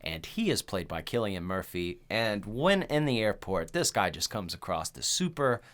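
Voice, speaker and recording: A man hosting a horror movie podcast, telling the story in a rambling, profane, animated way. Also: fairly low pitch, normal speed. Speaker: podcast host. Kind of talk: casual movie recap chat.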